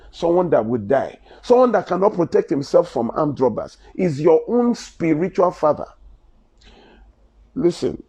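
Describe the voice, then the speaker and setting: Male Nigerian-accented preacher, husky and mellow, impassioned scripture reader. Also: a little high. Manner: impassioned, reads scripture aloud, rising emphatic stresses. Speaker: Bible teacher. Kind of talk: sermon-style teaching. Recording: dull lo-fi recording.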